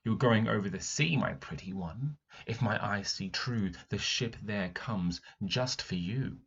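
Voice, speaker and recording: A man's voice: lowish voice, gravelly, a bit bright, husky, muffled recording, heavily acted. Man reading a sly grinning bandit. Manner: slow, deliberate rhyming delivery.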